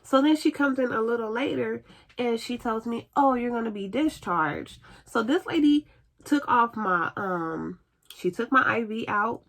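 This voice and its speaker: A woman telling a personal story in a casual storytime vlog, chatty and animated, acting out what others said. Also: a little high, measured pace, creaky.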